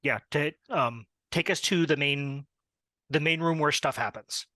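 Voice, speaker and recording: A man's voice: on the high side, unhurried, sharp tone, no echo. A man playing in a tabletop game, chatting casually and eagerly about his character's moves. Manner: eager, openly delighted. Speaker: player.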